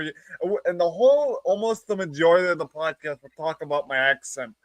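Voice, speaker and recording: A man's voice: a little high, fairly quick, hardly any pauses, fairly bright tone, dry recording. A man with a New England accent, hosting a casual stream and telling rambling, jokey stories full of restarts. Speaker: streamer host. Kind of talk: casual chat.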